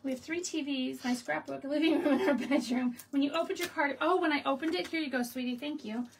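Speaking briskly in a high-pitched voice, a middle-aged stamping demonstrator hosts a relaxed crafting live stream from her home craft room. She tells a chatty story with frequent laughs, and the low-quality recording has slight background noise.

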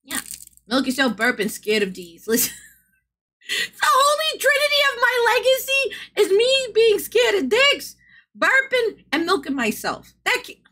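A woman's voice: very high-pitched, wildly swooping pitch, unhurried, pushed and bright. A woman streamer from the American South chatting casually with her audience, giggling often and swearing freely. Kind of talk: casual live-stream chat.

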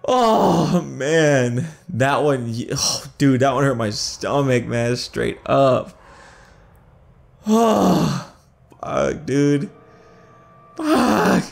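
Excitable man doing let's-play commentary. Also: medium pitch, slow, vocal fry. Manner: jumpy, excitable, swears a lot; chatty, thinks out loud while playing. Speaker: gaming video host.

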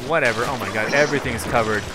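A young man giving casual live commentary on his own gameplay, excitable and quick to break into loud frustration. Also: medium pitch, loud music behind the voice. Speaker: gaming YouTuber.

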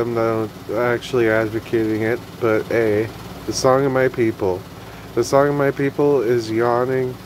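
In a rough recording with a little hiss or hum, a man with a mid-range voice vlogs a casual late-night monologue. Tired and yawning, he rambles and talks to himself, sighing and trailing off.

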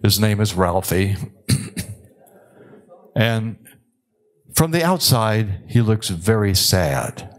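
Speaking at a fairly low pitch with lively intonation, an older psychiatrist delivers a conference lecture. He's conversational and wry, pausing often with fillers.

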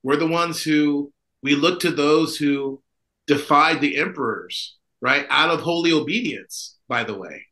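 A man's voice: on the high side, measured pace, pushed and bright, rough recording. A man who is an Orthodox priest co-hosting a podcast, talking in a rambling, casual way full of fillers and asides. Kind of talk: casual conversational chat.

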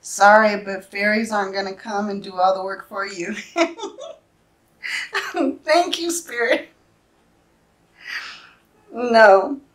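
A woman doing a spiritual tarot reading, speaking earnestly and emotionally in short halting phrases, often checking in with "right?". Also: medium pitch. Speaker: tarot reader.

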